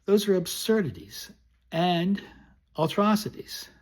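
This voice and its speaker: A man's voice: sits high, animated, takes it slowly, darkish tone. A man from the United States delivering a recorded political essay in a blunt, indignant and scornful way. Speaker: political commentator.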